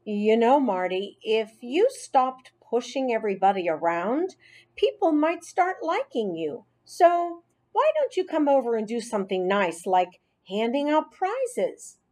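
A woman's voice: a little high, sing-song, measured pace. A woman voicing a patient, firm grown man who coaxes a child in a read-aloud story. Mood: coaxing. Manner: coaxing, gently firm.

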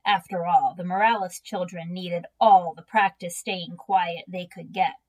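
A woman reading a children's book aloud in a gentle, unhurried storytelling manner. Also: on the low side, steady tone, poor audio. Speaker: reader.

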